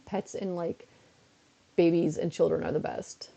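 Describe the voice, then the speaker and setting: A young woman streaming to her viewers, tired, talking on and on and poking fun at herself. Her voice is mellow and dark, with a gravelly fry running through it. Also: fairly low pitch, steady tone, normal speed. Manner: rambling, self-mocking, easily amused. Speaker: live streamer. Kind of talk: chatty live-stream talk to viewers.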